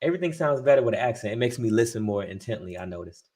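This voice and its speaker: Male co-host, relaxed and explanatory, thinking out loud. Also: on the low side, very fast. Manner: explanatory, thinks aloud with fillers. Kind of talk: casual podcast chat.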